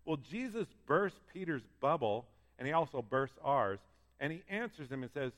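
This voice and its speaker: A man's voice: fairly high pitch, big pitch swings, normal speed, a bit bright. A man preaching a sermon in an earnest, conversational way, reading scripture aloud to his congregation. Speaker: pastor. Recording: long hall reverb.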